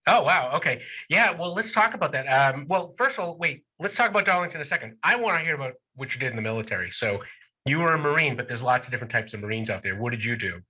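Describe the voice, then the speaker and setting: A man's voice: medium pitch, lively intonation, fast, bright, forceful tone, breathy edge. A man hosting a casual radio interview show, upbeat and chatty with many filler uhs. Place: studio in New York state.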